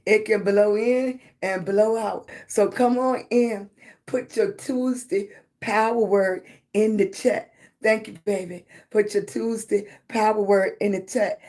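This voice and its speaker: A middle-aged woman with a hoarse, raspy voice hosts a casual livestream and talks at an unhurried, slow pace. She greets her viewers one by one and speaks to them affectionately and encouragingly. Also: mid-range voice, darkish tone. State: hoarse, voice not fully back. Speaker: livestream host.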